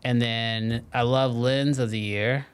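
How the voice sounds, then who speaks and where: A man hosting a live stream, chatting casually with viewers and answering their questions in a relaxed, conversational way full of "um" and "like". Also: medium pitch, slow, clean tone. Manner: relaxed and conversational, many fillers like "um" and "like".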